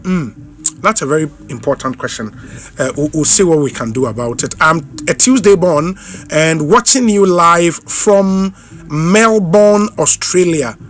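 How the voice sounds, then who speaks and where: A Ghanaian man hosts a live radio show, his voice sitting a little high for a man. He runs briskly through listener greetings and switches easily between English and Twi. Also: fairly bright tone, soft background music. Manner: reads out names and greetings briskly, repeats phone numbers slowly.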